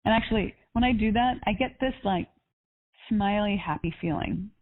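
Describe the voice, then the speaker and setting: A woman life coach talks with a client on a call, upbeat and encouraging, with a spiritual bent. Her voice sits at an ordinary pitch for a woman. It comes through thin and tinny, like a phone line. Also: normal speed.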